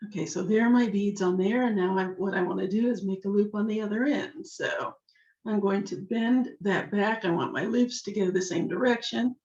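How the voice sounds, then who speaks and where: A slightly hoarse woman teaching a jewelry-making craft step by step, chatting to herself as she works. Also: mid-range voice, normal speed, darkish tone. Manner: chatty, talks to herself while working. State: slightly hoarse, losing her voice. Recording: echoey room, dull lo-fi sound.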